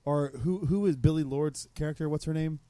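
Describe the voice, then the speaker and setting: A man's voice: on the high side, fairly quick, warm tone, no echo. A man co-hosting a podcast, chatting casually in a rambling, hesitant way, often restarting his phrases. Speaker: podcast co-host. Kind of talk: casual chat.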